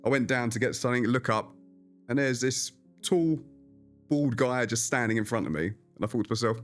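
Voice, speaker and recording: A man who is a magician, telling anecdotes in a casual interview, animated and chatty. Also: mid-range voice, normal speed, soft background music. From England. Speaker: magician guest.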